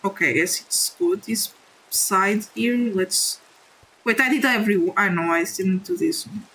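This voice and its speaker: A young woman whose first language is not English, talking openly and haltingly to her viewers while she plays a game, often apologizing and reassuring them. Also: medium pitch, expressive, fairly bright tone, slight background noise, poor audio. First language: a language other than English. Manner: halting, heartfelt and confessional, with frequent restarts. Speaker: gaming streamer. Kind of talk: casual confiding chat while playing a game.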